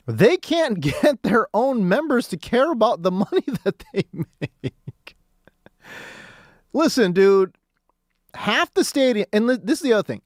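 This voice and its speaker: A man's voice: high voice, no echo. A man hosting a sports talk radio show, ranting in a casual, slangy monologue from the studio.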